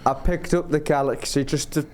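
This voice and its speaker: Rambling man with a higher voice. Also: steady tone, moderate pace, darkish tone, slight background noise. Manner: rambling, self-interrupting, laughs through his stories. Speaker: podcast guest. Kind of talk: casual storytelling.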